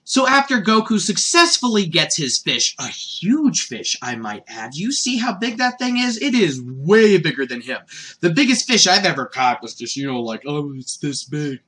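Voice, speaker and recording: Brief: lively, bright-voiced man, casual jokey cartoon reviewer, pitch jumping around. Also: moderate pace. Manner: animated, jokey, laughs at his own asides. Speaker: anime reviewer.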